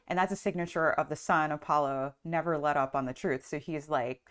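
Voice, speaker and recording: Brief: a casual female astrology teacher, slightly low pitch, rambling and conversational. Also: brisk, few pauses, fairly bright tone. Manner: chatty, lots of "like" and "um". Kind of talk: casual storytelling lesson.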